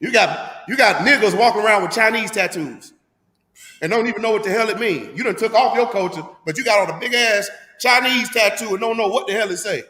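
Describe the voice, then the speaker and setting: A man's voice: sits high, fairly quick, sharp tone, echoey room, long reverb tail. A man leading a scripture class, preaching emphatically with rhetorical questions in a street-talk manner.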